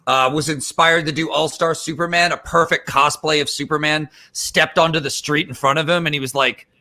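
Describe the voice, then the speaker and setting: A man co-hosting a casual podcast, telling stories with excited enthusiasm. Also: on the high side, brisk. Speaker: podcast co-host. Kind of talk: casual chat.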